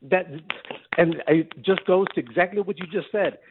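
A man's voice: high voice, moderate pace. A man calling in to a radio show, emphatic and agreeing with the host. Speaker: caller. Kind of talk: call-in chat. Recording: tinny phone line with noise.

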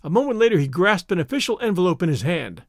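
A man narrating an adventure novel in an expressive, theatrical reading. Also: high voice, quick pace, dry recording, studio quality. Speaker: audiobook narrator. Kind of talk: scripted narration.

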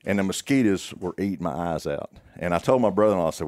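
Arkansas man, podcast guest, very low voice, earnest unhurried teller, dry room. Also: animated, a little mellow, no echo. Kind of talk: casual storytelling.

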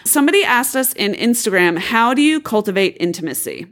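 A woman's voice: mid-range voice, very animated, a little fast, fairly bright tone. A middle-aged woman co-hosting a casual chat with her husband, playful and fiery, laughing often. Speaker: podcast co-host. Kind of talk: casual married-couple chat.

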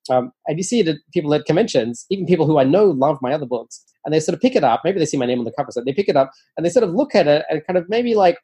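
A man interviewed about his writing, a nonfiction author, tells stories casually and animatedly in a fairly high, breathy-edged voice, rapid-fire with hardly any pauses. He uses many fillers and restarts and plays out quoted dialogue in a raised voice.

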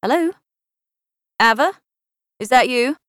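A woman voicing a prim older mother in an audiobook, crisp, matter-of-fact and faintly reproachful. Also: medium pitch, sing-song, normal speed, no echo, clean studio sound, natural voice. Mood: tart, matter-of-fact. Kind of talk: audiobook character voice.

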